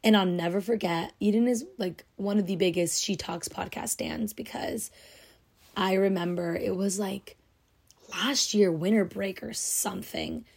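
A young woman talks through her solo podcast in an easy, chatty way. She gushes and fills her sentences with "like". Her voice sits at a middle pitch and sounds teary, as if she is close to crying. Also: steady tone, measured pace, vocal fry, a little mellow, husky. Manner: gushing, heavy use of "like", emotional and teary. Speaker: podcast host. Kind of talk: casual solo podcast chat.

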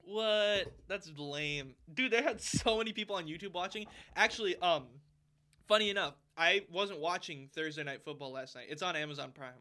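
Bright-voiced rambling young man. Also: on the high side, fairly quick. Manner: rambling, filler-heavy, swings loud when excited. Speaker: podcast co-host. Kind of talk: casual chat.

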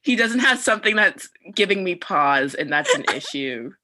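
A young woman co-hosting a podcast in casual chat, talking fast and laughing often. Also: lowish voice, lively intonation, sharp tone, a little hiss or hum. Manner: chatty, laughs often, quick asides. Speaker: podcast co-host.

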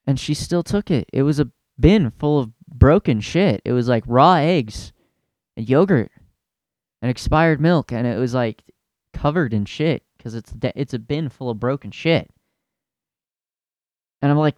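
A young man hosting a comedy podcast, ranting in a profane, exasperated way with loud outbursts. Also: medium pitch, moderate pace, no echo. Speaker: podcast host.

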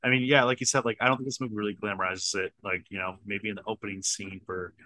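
Bright-voiced man in casual film chat. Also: on the low side, flat delivery, fast talker, poor audio. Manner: laid-back and profane, laughs between points. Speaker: podcast co-host. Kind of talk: casual movie discussion.

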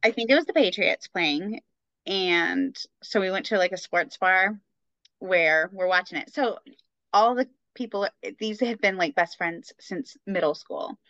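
Bright, chatty woman co-host, lo-fi. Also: medium pitch, no echo. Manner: fast, chatty, lots of fillers. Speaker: podcast co-host. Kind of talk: casual chat. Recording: dull lo-fi sound.

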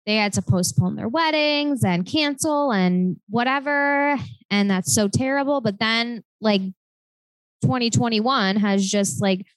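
A young woman co-hosts a podcast, her voice on the high side and a little slow, in a dry, rough recording. She chats casually and loosely, using lots of filler words.

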